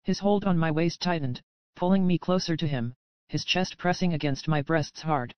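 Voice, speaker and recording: A woman narrating a dark romance audiobook in the first person with a steady, even reading. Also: low voice, normal speed, no room sound, highs cut off.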